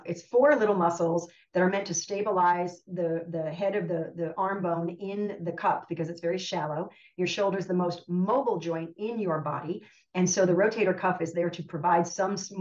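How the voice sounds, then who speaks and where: A woman's voice: fairly low pitch, darkish tone. Woman physical therapist presenting, emphatic, on a dull lo-fi recording in a roomy space. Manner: emphatic, asks "right?" a lot. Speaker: physical therapist and nutrition educator. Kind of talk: guest presentation. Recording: distant roomy lo-fi audio.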